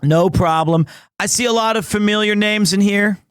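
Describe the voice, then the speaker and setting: A man streaming live in casual chat, excitable, often breaking into shouts and laughter. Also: high voice, normal speed, clear, resonant tone, dry recording, clean studio sound. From United States.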